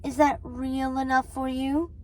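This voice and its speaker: A woman's voice: high voice, level tone, unhurried, a little mellow, rough recording. A woman voicing a sly, menacing male lion with a lilting, melodic manner in a storybook read-aloud. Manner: lilting, melodic yet threatening, mocking.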